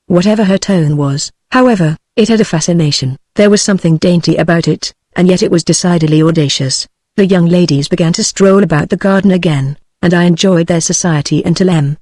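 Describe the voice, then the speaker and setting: A text-to-speech voice of a woman with a British accent, narrating a novel with an even, measured delivery. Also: on the low side, no echo. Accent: British English. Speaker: audiobook narrator. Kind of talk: text-to-speech book reading.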